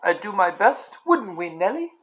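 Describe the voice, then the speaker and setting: A man's voice: sits high, big pitch swings, moderate pace, a bit bright. A man voicing a humble, earnest London cabbie with a Cockney accent, speaking hesitantly and plainly. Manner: modest, hesitant, homely speech.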